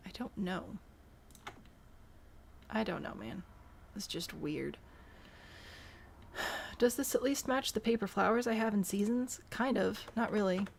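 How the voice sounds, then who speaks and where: A young woman from Michigan with a mild Midwestern accent chats casually on a live stream, thinking aloud and responding to chat as she builds in a game. Her voice is medium-pitched and creaky, with a little hiss or hum.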